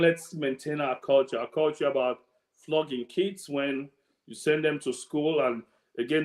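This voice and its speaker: A man's voice: a little high, darkish tone, echoey room. Chatty Sierra Leonean man hosting. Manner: chatty, anecdotal, laughs often. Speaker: event host. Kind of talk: casual hosting on a video call.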